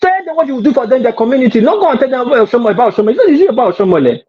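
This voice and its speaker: A man's voice: very high-pitched, very animated, rapid-fire. A man hosting a heated political debate. He argues hard, cuts in often and stumbles over filler sounds. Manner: argumentative, interrupts, hesitant fillers. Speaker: show host. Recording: lo-fi dull audio.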